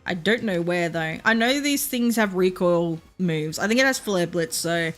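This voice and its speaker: A woman's voice: on the low side, lively intonation, normal speed, soft background music. A young woman with a Queensland Australian accent, chatting casually while streaming a game, rambling with lots of fillers and laughs. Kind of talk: casual gameplay chat.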